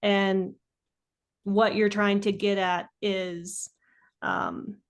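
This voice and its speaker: A woman explains seam allowances on a live quilting call in a flat, even voice with little pitch movement. She hesitates with fillers and sometimes corrects herself mid-thought. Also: drawn-out words. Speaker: co-host. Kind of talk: live online sewing lesson.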